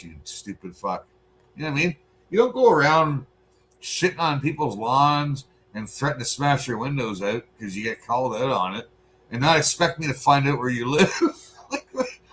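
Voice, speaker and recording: A man, co-host of a podcast, telling a profane, animated story in casual chat. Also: mid-range voice, a little hiss or hum.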